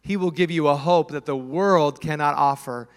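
High-voiced preaching man in a reverberant church. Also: moderate pace, clear, resonant tone. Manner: storytelling, acts out voices and screams. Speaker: pastor. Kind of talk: sermon.

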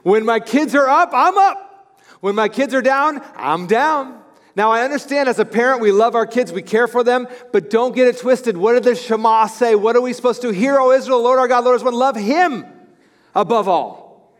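A man preaching a sermon as pastor, animated, swinging from loud to hushed. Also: very high voice, normal speed. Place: church sanctuary. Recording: echoey hall with music.

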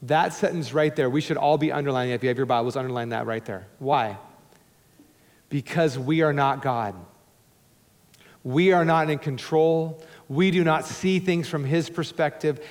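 Emphatic preacher with a higher voice. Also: male voice, normal speed. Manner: emphatic, swings between loud urging and hushed low tones; conversational, joking asides. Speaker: pastor. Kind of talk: sermon. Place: church sanctuary before a congregation. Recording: long hall reverb in a church.

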